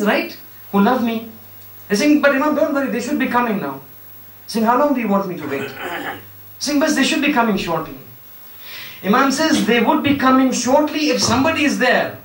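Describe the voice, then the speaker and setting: A man giving a religious sermon, telling a story with acted-out dialogue and emphatic rhetorical questions. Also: extremely high pitch. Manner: acts out dialogue, shifts voice for characters, emphatic and rhetorical. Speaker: Shia cleric giving a Muharram lecture. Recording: echoey hall, voice from a distance.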